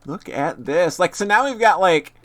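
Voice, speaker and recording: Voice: medium pitch, animated, normal speed. A streamer chatting casually and jokingly over gameplay, laughing often and swearing now and then.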